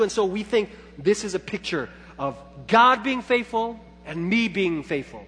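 Bright-voiced pastor preaching in a reverberant hall. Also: male voice, sits high, measured pace, hardly any pauses. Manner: animated storytelling, acts out his own thoughts with big swings in loudness. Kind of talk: sermon. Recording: long church hall reverb with faint hum.

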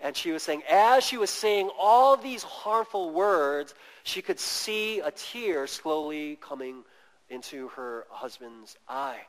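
Animated preacher in a reverberant hall. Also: male voice, a little high, takes it slowly. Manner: animated, acts out quoted voices, laughs. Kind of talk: sermon. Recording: long reverb of a large hall.

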